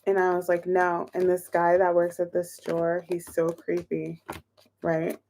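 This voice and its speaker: A woman's voice: lowish voice, completely flat delivery, unhurried, mellow. A woman reading tarot on a livestream, counting aloud as she shuffles and chatting casually with her viewers. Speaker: tarot reader.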